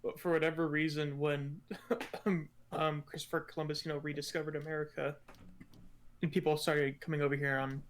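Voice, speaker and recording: A man's voice: on the high side, little pitch movement, a little fast, a little hiss or hum. A man co-hosting a podcast, chatting casually in a rambling way and laughing often. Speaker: podcast co-host. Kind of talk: casual chat.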